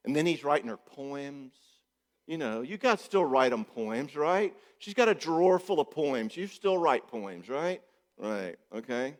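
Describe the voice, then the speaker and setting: In an echoey church hall, a man speaking as a marriage therapist gives a joking, conversational conference talk and often checks in with the audience. His mid-range voice is very animated and a little slow.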